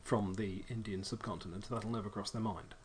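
A man's voice: lowish voice, steady tone, fairly quick, breathy edge. A man from England running a tabletop game as game master, explaining at length with dry humor.

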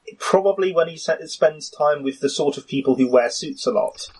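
Husky-voiced man running a game. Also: a little high, moderate pace, darkish tone, rough recording. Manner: hesitant, full of restarts and "you know". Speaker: game master. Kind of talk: narrating a tabletop game.

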